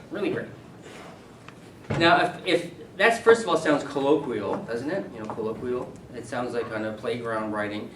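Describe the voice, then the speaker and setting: A middle-aged man, a university English professor, leading a classroom seminar, animated and quizzing his students. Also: mid-range voice, a little hiss or hum. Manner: animated, asks the class questions and repeats their answers. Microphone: camera at a distance. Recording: echoey room, voice from far off.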